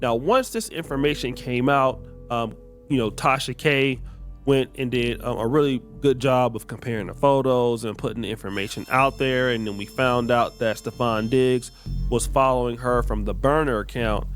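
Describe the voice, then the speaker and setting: Male podcast host, casual gossip commentary, mid-pitched voice, faint music behind. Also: normal speed. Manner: conversational, narrating clips to viewers.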